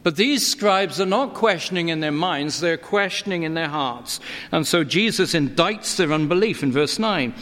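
A middle-aged pastor delivers a sermon in an earnest, expository way, his voice sitting a little high for a man. He lifts his pitch to stress key points. His words ring out with a long church reverb behind them. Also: expressive, moderate pace, a bit bright.

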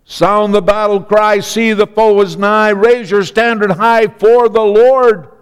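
A man preaching a sermon, slow and emphatic, with dramatic pauses and repeated phrases. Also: high voice, little pitch movement, clear, resonant tone, in a large hall.

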